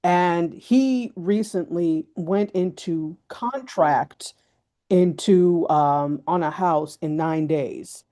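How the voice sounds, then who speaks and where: A woman sharing a client story on a live coaching call, relaxed and slightly hesitant. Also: on the low side, very slow. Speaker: guest participant. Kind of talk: casual live-stream talk.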